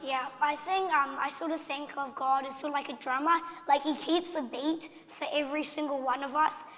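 A woman's voice: high-pitched, fairly even intonation, moderate pace, a bit bright. A woman sharing a short testimony in a church, casual and hesitant with fillers. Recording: reverberant hall.

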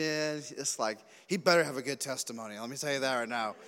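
A man preaching a youth sermon, telling animated stories, acting out quotes and joking along the way. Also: mid-range voice, fast, hardly any pauses. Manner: animated storytelling, acts out quotes, jokey asides. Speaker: youth pastor. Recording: long hall reverb.

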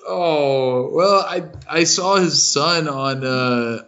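A man's voice: fairly high pitch, drawn-out words, bright, forceful tone. A man co-hosting a casual podcast chat, rambling through joking analogies. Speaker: podcast co-host. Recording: lo-fi muffled sound.

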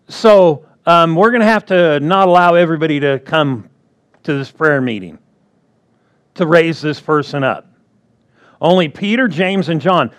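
A man's voice: on the high side, a bit bright. A man preaching a sermon in a conversational way, often checking in with the congregation. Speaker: pastor.

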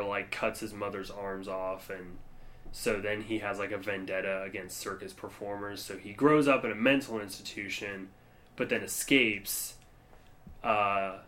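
A man's voice: on the low side, pushed and bright. A young man co-hosting a podcast, talking casually and rambling with lots of fillers and frequent laughs. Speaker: podcast co-host. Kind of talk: casual chat.

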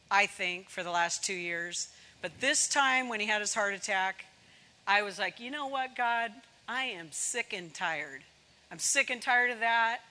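A woman's voice: mid-range voice, pushed and bright, in a large hall. A woman giving a personal devotional talk in an earnest, confiding way, with many small fillers. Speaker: devotional speaker.

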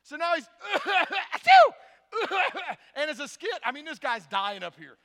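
A pastor preaching a sermon, telling stories with animated voices and acting out the characters. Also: male voice, very high-pitched, brisk, vocal fry, in a large hall.

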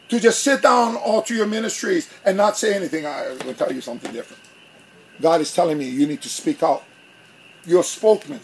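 Male pastor, high-pitched, animated storyteller, faint noise in the background. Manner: animated storytelling, acting out both sides of an argument. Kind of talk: sermon.

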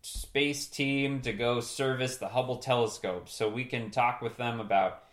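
A man improvising comedy as a bumbling, deadpan handyman host. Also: medium pitch, a little slow, few pauses, echoey room.

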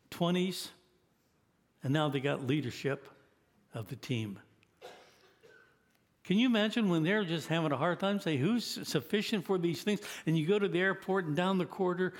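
Eighty-year-old man preaching earnestly. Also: fairly high pitch. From United States. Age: 80s. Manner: earnest, rising to emphatic exhortation. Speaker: guest preacher. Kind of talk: sermon.

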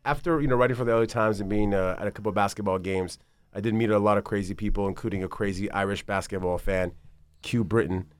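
Smooth low-voiced man telling stories. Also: fast talker. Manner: rambling, profane, animated storytelling. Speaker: basketball agent guest. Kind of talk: casual interview chat.

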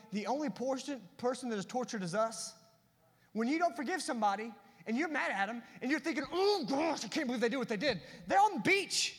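A man preaching a sermon, moving between emphatic loud passages and hushed, quiet asides. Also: high-pitched, long reverb tail. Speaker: pastor. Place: church sanctuary.

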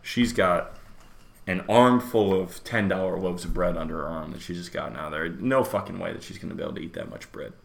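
A man's voice: low-pitched, brisk, vocal fry, echoey room. A man co-hosting a casual podcast chat, telling stories with dry, sardonic humor. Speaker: podcast co-host.

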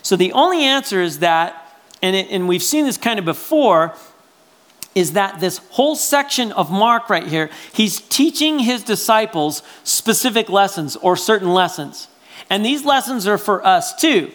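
A man preaching a sermon as pastor, talking in a conversational, animated way, often checking in with "right?", and swinging between loud exclamations and quiet asides. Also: sits high, unhurried.

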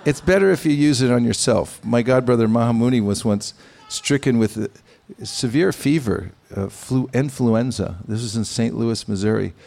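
A man giving a devotional sermon, speaking in a measured, pausing way with gentle humor. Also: medium pitch, creaky. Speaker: spiritual teacher. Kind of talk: sermon with anecdotes.

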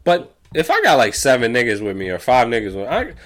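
A man's voice: medium pitch, huge pitch swings, fast talker, a bit bright. A young man co-hosting a casual podcast, bantering loosely and swearing often. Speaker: podcast co-host.

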